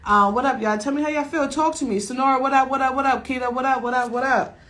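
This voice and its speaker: A young woman hosting a casual radio talk show, loud and slangy with hype shout-outs. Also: high voice, steady tone, fast talker, poor audio.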